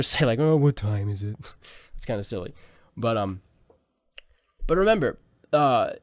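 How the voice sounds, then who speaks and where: Young male tutor, mid-pitched, loose and chatty, dry close-mic sound. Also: clean tone, no room sound. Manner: relaxed, rambling, many fillers and restarts. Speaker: voice acting teacher. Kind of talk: casual tutorial talk. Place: small home room.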